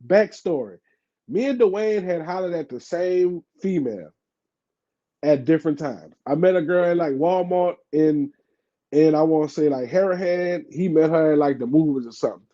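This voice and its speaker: A man with a New Orleans accent tells a story on a podcast in a mellow, slightly higher voice, acting out the people he quotes and filling his talk with "you know what I'm saying." The recording sounds dull and lo-fi. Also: normal speed. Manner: animated, acts out quoted voices, heavy fillers. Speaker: podcast guest. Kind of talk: casual storytelling interview.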